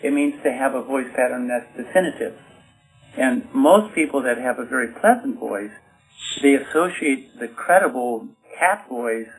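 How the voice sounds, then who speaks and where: A man's voice: mid-range voice, low-quality recording. Guy author teaching how to talk, explains step by step, faint music underneath. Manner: instructive, talks in bottom lines, demonstrates by example. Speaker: author and communication expert guest.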